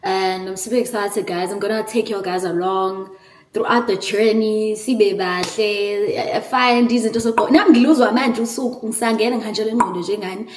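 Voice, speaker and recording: An excitable young South African woman talks casually to her viewers, emotional and quick to laugh. She sits some way from the microphone, and the room around her rings with echo. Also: mid-range voice, background noise. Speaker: vlogger. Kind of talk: casual vlog, switching between English and isiZulu. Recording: echoey room, far from the mic.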